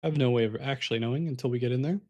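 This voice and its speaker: Speaking rapid-fire despite being sleepy and yawning, a mid-pitched caster calls an online card game live, explaining plays and talking to chat in a loose, chatty manner. His voice is a little mellow, and the recording is muffled.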